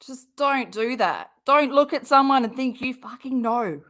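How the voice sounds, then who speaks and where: Blunt high-voiced woman, unhurried. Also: lively intonation, fairly bright tone. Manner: blunt, swears freely. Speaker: reaction host. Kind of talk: casual reaction commentary.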